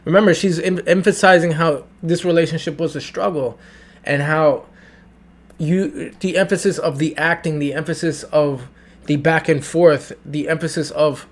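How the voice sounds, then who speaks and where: A man's voice: fairly high pitch, moderate pace. A man reacting to and breaking down a song in a casual, enthusiastic review, often repeating himself and singing along. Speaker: music reviewer.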